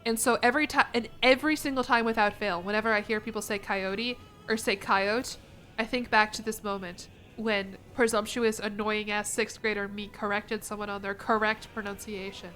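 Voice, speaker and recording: A young American woman chatting casually on a stream, animated and quick to laugh as she answers her chat. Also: mid-range voice, soft background music. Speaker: vtuber streamer.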